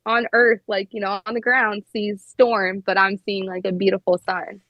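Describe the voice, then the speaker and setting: A woman's voice: mid-range voice, level tone, moderate pace, lo-fi sound, crowd noise. A young woman, a flight attendant, telling stories in a casual podcast chat and filling her talk with "like". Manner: chatty, heavy use of "like".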